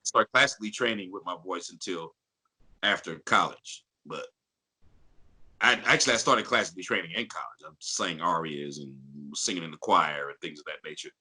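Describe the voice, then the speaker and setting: Deep-voiced man with a sharp, bright edge. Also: normal speed, husky, poor audio. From St. Louis, Missouri. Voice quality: deep bass singing voice. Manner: animated storyteller who breaks into impressions and laughs. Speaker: guest voice actor. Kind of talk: casual interview storytelling.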